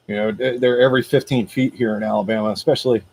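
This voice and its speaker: A man hosting a motivational video, telling a personal story in a casual, animated, slangy way. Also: medium pitch, quick pace. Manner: greets viewers live by name.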